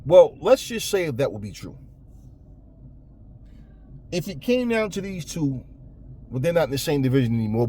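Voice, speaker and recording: A man's voice: mid-range voice, mellow, a little hiss or hum. A man ranting bluntly about boxing in casual talk, cursing often and stumbling over repeated words. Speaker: boxing commentator. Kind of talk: casual opinion rant.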